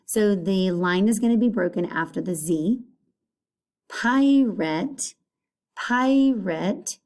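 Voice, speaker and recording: A woman teacher giving a recorded phonics lesson, patient and repeating each word clearly. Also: medium pitch, slow, long pauses, a little mellow.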